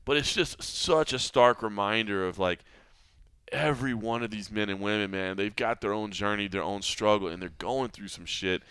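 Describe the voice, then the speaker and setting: A man's voice: fairly low pitch, moderate pace, a bit bright, clean tone, no room sound. A man hosting an MMA podcast, talking in an earnest, reflective way with frequent restarts. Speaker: podcast host. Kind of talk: casual MMA podcast talk.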